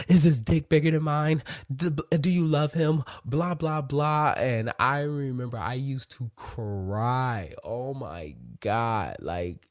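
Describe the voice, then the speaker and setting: A man's voice: low-pitched, no room sound, clean studio sound. A man in his thirties, a podcast host, telling a frank, profane personal story with emotional openness.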